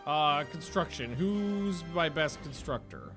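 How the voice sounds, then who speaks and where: A man with a slightly higher voice chats loosely while he plays, trailing off, starting over and laughing along the way. Faint music plays behind him. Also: animated, slow pace. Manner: rambling and self-interrupting, laughs often. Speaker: streamer. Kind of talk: casual gameplay livestream chat.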